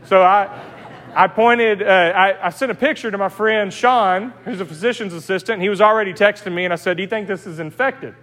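A male pastor with an East Texas accent gives his sermon in a church sanctuary. His voice sits high, and he shifts into personal stories in an easy, conversational way. Long reverb from the hall trails behind each phrase. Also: a little fast, fairly bright tone. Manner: conversational, anecdotal preaching with restarts.

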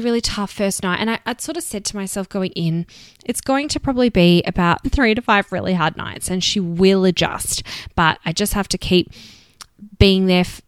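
A woman's voice: medium pitch, normal speed, dry recording. A young Australian woman hosting a solo podcast, talking candidly and with open emotion as a mother. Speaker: podcast host.

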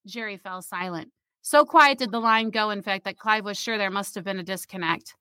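Bright, expressive woman reading her story. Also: medium pitch, moderate pace, no echo. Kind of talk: reading a short story aloud, then casual chat.

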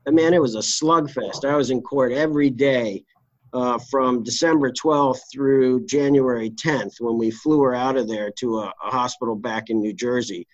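A middle-aged man, a trial lawyer and interview guest, telling his case stories in a blunt, salty, animated way. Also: mid-range voice, normal speed, dry recording, highs cut off. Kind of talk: candid storytelling interview.

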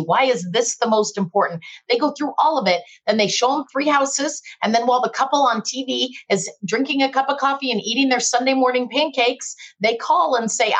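A middle-aged woman, a mortgage lender, hosting a casual panel chat in a brisk, conversational way. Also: on the high side, fairly bright tone. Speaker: mortgage lender and podcast host.

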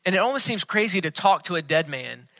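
Delivering a sermon fast and with lively intonation, this pastor stays earnest and sinks to a near whisper for emphasis. His bright, sharp, somewhat high voice is captured close and dry, with no room sound.

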